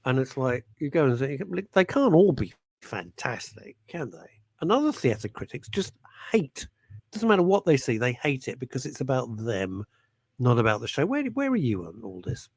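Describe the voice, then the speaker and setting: Chatty, lively radio host. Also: male voice, medium pitch, normal speed, dry recording. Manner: rambling, self-mocking, jokey asides. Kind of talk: chatty live radio presenting.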